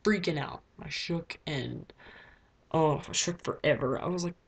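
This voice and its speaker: A woman's voice: low-pitched, unhurried, vocal fry, a little hiss or hum. A teenage girl recording a casual video diary in her bedroom, rambling with lots of filler words. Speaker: vlogger.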